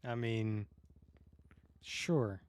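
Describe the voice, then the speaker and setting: A man's voice: lowish voice, drawn-out words, a little mellow, smooth. A man streaming a roleplay game, talking in a dry, laid-back way and thanking viewers. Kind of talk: live game stream chat.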